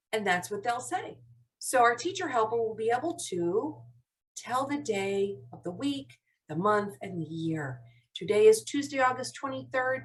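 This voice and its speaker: Cheery woman teacher on a zoom call w/ little kids, takes her time, sounds kinda far off the mic. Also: medium pitch. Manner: cheerful, sing-song classroom voice. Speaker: teacher of a young class. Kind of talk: live online lesson for young children. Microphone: video call computer mic. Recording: voice somewhat distant from mic.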